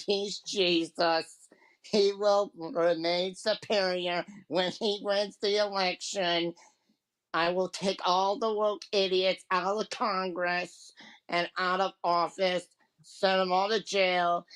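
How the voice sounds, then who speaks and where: A man putting on the voice of a brash Southern congresswoman, with a Southern accent, a high pitch and a slight lisp, ranting over the top. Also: fairly bright tone, smooth.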